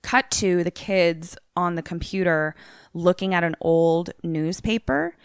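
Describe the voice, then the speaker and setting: Chatty young woman with a smooth voice. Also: on the low side, a little slow, no room sound, studio quality. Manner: chatty, filler-heavy, lots of "like". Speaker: podcast co-host. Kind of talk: casual retelling of a trailer.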